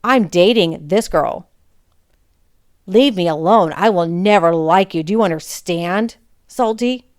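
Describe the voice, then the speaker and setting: A woman's voice: on the low side, a little slow, no room sound, studio quality, close to an everyday voice. A woman voicing a mean teenage boy who mocks and rejects her. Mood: sneering. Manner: sneering, cruel.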